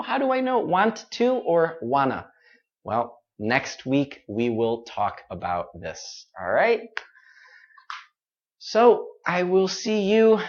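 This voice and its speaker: A pronunciation teacher who speaks slowly and patiently and models each sound again and again. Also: medium pitch, lo-fi sound. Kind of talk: online English pronunciation class.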